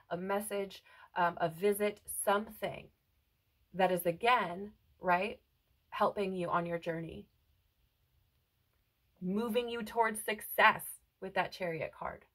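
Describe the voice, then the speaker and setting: A woman reads tarot cards for an unseen audience in an earnest, reassuring tone. Her pitch sits in the middle of the range for a woman. She keeps checking in with her listeners as she goes. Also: a bit bright, low-quality recording. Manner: earnest, reassuring, says "right?" often. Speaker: tarot reader. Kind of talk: spiritual tarot reading. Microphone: headphones on, close mic.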